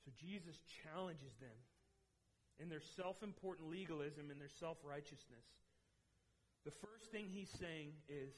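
A man who is a pastor, preaching a sermon and retelling film scenes in an animated storytelling way, speaking directly to the congregation. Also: a little high, a little slow, breathy edge, poor audio.

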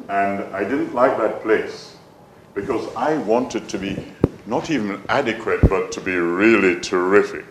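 A man from Jamaica, telling a personal story in a soft, musing way with some gentle self-mockery. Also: on the low side, slow pace, reverberant, noisy background.

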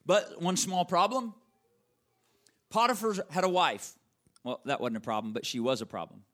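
Male pastor, mid-high voice, dramatic sermon delivery with loud and hushed swings. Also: normal speed.

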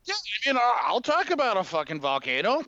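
A man's voice: extremely high pitch, wildly swooping pitch, brisk, pushed and bright, no echo. A man co-hosting a casual podcast, tossing in sarcastic, profane wisecracks. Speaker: podcast co-host. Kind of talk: casual chat. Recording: dull, slightly lo-fi dry sound.

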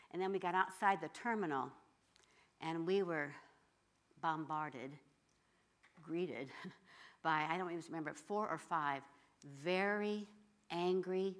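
A woman preaching with a bright, forceful tone and a fairly low voice. She tells her story in an animated way, rising to loud outbursts and then dropping to near whispers. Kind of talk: sermon storytelling.

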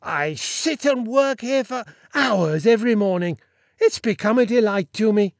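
A man's voice: sits high, animated, unhurried, dry recording, studio quality, pitched above the performer's own voice. A man voicing a pompous, boastful little Sultan in a story reading, talking in a bossy, self-satisfied way. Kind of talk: audiobook character voice.

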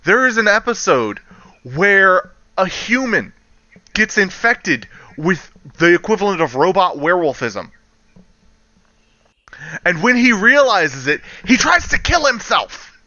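A man recaps a show episode in casual podcast chat, acting out the characters' lines as he goes. His voice is bright and leaps around in pitch. The recording is dry and a bit dull. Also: a little slow, pauses often, no room sound. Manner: animated, acts out characters' lines with laughter and swearing. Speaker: podcast co-host.

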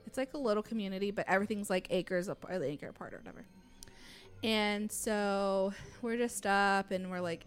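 A young woman casually recounting a scary night to friends, animated and full of fillers, swearing freely. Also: mid-range voice, moderate pace, smooth, soft background music. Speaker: storyteller. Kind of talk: casual chat.

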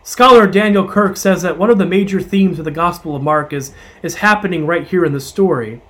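High-voiced man preaching a sermon. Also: fairly bright tone. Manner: retells scripture with voiced asides, slowing for emphasis.

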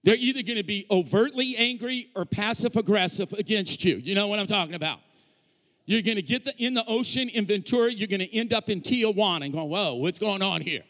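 A man's voice: sits high, fairly quick, fairly bright tone. A man preaching a sermon as a guest pastor, telling stories animatedly, acting out quoted voices and joking with the congregation. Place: church hall. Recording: long church reverb.

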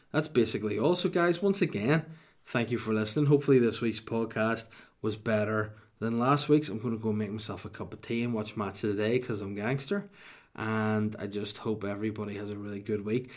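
Man, podcast host, lowish voice, rambling, self-mocking. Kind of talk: solo podcast monologue.

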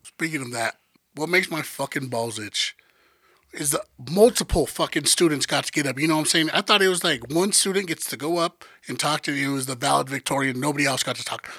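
A man's voice: fairly high pitch, fairly quick, bright, forceful tone, dry recording, clean studio sound. A man co-hosting a podcast, ranting in crude slang during casual banter. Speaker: podcast co-host.

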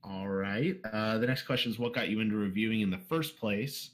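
A man's voice: fairly low pitch, brisk. A man hosting a casual podcast interview, reading out listener questions and teasing his guest. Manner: relaxed, reads out listener questions and teases. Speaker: podcast host.

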